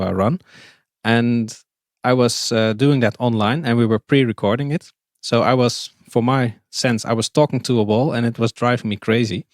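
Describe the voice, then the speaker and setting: A man's voice: medium pitch, no echo. A Dutch-accented man chats as a guest on a podcast. He talks in a middle register, hesitating often with fillers and restarts, and the sound is close and dry. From Netherlands. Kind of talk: casual interview chat.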